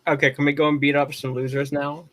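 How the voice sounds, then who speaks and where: A man's voice: on the high side, level tone, quick pace, fairly bright tone. A man playing a tabletop game, talking in a laid-back way with lots of fillers. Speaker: player. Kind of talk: casual tabletop play.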